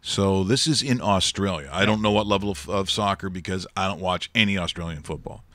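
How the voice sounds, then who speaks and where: A man's voice: deep voice, brisk, fairly bright tone, dry recording. A man hosting a sports talk show, joking and rambling in casual studio banter. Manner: jokey, rambling, with frequent restarts and laughs. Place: radio studio.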